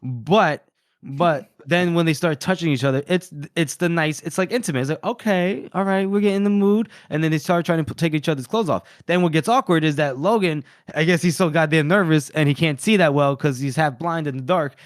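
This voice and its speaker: A man co-hosting a podcast, chatting casually about a book and retelling scenes with animated voices. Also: a little high, a little fast, no room sound, studio quality. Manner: animated retelling, playing out characters' lines. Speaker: podcast co-host.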